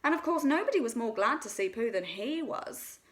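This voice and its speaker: A woman storyteller reading a children's story aloud in a gentle, expressive way. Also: on the high side, moderate pace.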